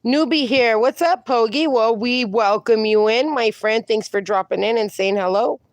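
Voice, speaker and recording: A woman's voice: on the high side, moderate pace, dry recording. A woman hosting a casual livestream, reading viewer comments aloud and cooing at her dogs, a little sniffly from allergies. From USA. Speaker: livestream host.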